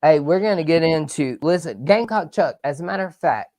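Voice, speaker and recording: A man hosting a live sports talk show, energetic and rambling, with loud outbursts. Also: on the high side, a little fast, dry recording. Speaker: podcast host.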